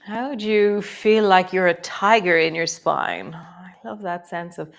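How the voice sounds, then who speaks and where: Gentle woman leading a yoga class. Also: fairly low pitch, a little slow, gravelly. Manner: gentle, encouraging cues with chatty asides. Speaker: yoga teacher. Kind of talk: live guided yoga class.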